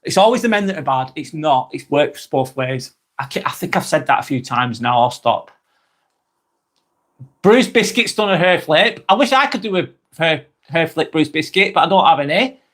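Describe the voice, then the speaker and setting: A broad, strong-sounding man in his thirties chats casually on a live stream, reading viewer comments aloud. Blunt and talkative, he swears freely and repeats phrases, his voice a bit higher than most men's and a bit bright, with lively intonation at a moderate pace.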